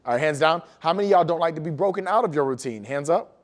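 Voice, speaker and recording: A man giving an energetic motivational talk to school staff in a large room, telling stories and asking the audience questions. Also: fairly high pitch, fast. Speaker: motivational speaker.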